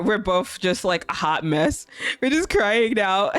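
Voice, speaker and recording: A woman's voice: mid-range voice, sing-song, measured pace, clean tone, no room sound, soft background music. A young woman streaming a visual novel, reading it aloud and chatting in a giggly, gushing way.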